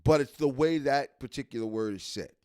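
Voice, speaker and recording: This man from New York speaks with a New York accent in a warm, clean, medium-pitched voice, a little fast. He's hosting a live stream, casually commenting as he reads a list, repeating himself and restarting his sentences.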